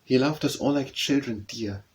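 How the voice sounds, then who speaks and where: A man narrating an audiobook of poems in a measured, steady verse recitation. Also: medium pitch, a little hiss or hum, low-quality recording. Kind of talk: audiobook poetry reading.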